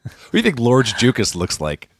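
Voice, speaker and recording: A man's voice: medium pitch, huge pitch swings, normal speed, husky, no room sound, studio quality. A man co-hosting a casual remote podcast, reading listener emails aloud and joking around. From Los Angeles area. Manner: jokey, reads emails aloud with bursts of laughter.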